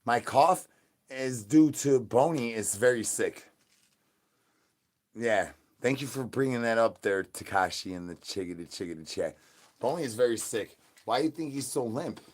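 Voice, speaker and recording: A man's voice: medium pitch, animated, normal speed, lightly acted. A man voicing a starving, crude male zombie who streams to his chat, rambling in slang and repeating his begging catchphrases. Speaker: livestream entertainer. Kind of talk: in-character livestream comedy.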